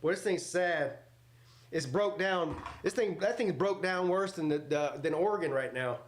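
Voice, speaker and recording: A man's voice: a little high, normal speed, roomy sound, a little hiss or hum. A man hosting a live football reaction stream. He jokes, swears freely and answers his chat. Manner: loud, joking, swears freely, talks back to chat. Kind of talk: casual live reaction commentary.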